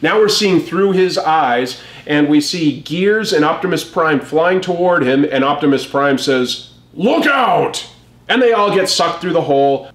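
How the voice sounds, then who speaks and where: Speaking in a somewhat high voice, a man hosts a comic review with relaxed, wry commentary. Noticeable echo comes from the room.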